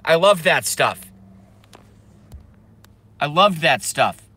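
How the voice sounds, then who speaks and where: A man's voice: on the high side, expressive, sharp tone, husky, no echo. A man on a casual live stream, rambling and swearing, reading chat aloud and laughing often, with many trailing filler sounds. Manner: self-interrupting, drawn-out filler sounds.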